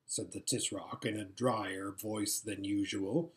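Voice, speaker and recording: A man reading a novel aloud in a quiet, understated storytelling manner. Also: on the low side, fairly even intonation, unhurried, few pauses. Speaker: audiobook reader. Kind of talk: scripted narration of a novel.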